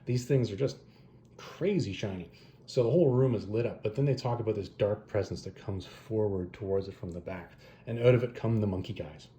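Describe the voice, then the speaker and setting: A man casually retelling a fantasy story and reviewing comic adaptations, rambling and animated, correcting himself as he goes. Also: on the low side, fairly quick, slight background noise. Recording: roomy echo.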